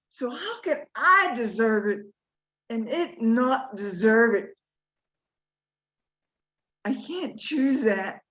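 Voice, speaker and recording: A woman sharing her spiritual reflections in a study group, halting and thoughtful, over a video call. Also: a little high. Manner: halting, thoughtful, pauses often. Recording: dull lo-fi call audio.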